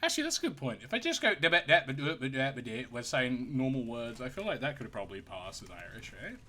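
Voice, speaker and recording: Brief: joking, swearing male game streamer with a sharp bright voice, mid pitch. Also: wildly swooping pitch, fast talker. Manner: jokey, swearing, laughs often. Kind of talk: casual gaming commentary.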